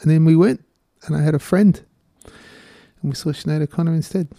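A man in his fifties with a gravelly, dark voice, chatting loosely on community radio. He rambles into anecdotes and pokes fun at himself. The sound is close and dry, recorded in a radio studio. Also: fairly high pitch, steady tone, moderate pace, dry recording. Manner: rambling, self-mocking storyteller. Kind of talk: casual radio chat between songs.

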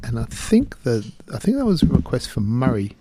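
A man's voice: mid-range voice, huge pitch swings, normal speed, dark tone, husky. A man in his fifties hosting community radio, chatting casually between songs and rambling through stories with self-mocking humor. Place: radio studio.

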